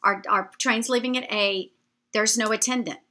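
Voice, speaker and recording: A woman telling a travel story to her viewers in a chatty, animated way. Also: medium pitch, moderate pace. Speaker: vlogger. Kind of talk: storytelling travel anecdote to camera.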